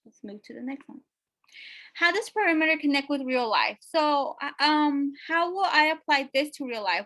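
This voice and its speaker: Bright high-voiced woman teaching. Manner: checks in with questions, many fillers. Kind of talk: teaching a math lesson.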